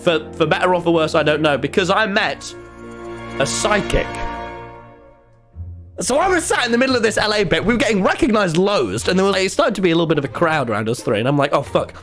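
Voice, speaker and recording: Excitable young streamer, very animated. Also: male voice, quick pace, faint music behind. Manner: excitable, jokey, swears, jumps into loud high shouts. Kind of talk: casual storytelling to a live chat.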